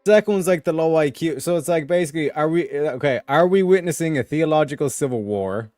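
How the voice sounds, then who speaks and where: A man's voice: a little high, fast, a little mellow, no echo, studio quality. Rambling, profane male streamer. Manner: rambling, profane, lots of filler phrases. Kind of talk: casual livestream chat.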